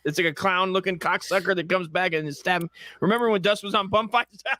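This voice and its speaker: Brief: ranting profane male co-host, high pitch, dry sound. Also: fairly quick, bright, forceful tone, no echo. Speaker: podcast co-host. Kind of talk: crude comedic casual chat.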